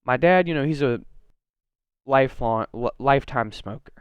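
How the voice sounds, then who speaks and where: A man's voice: mid-range voice, moderate pace, clear, resonant tone, no room sound, muffled recording. A man from Oregon talking casually on his solo podcast, rambling with lots of fillers, restarts and self-corrections. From Oregon, USA. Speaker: podcast host.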